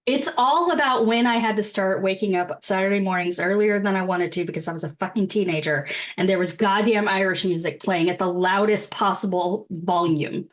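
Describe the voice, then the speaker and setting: A woman's voice: medium pitch, fairly quick, few pauses. A woman co-hosting a podcast in casual chat, wry and profane, laughing often as she talks about a film and family memories. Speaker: podcast co-host.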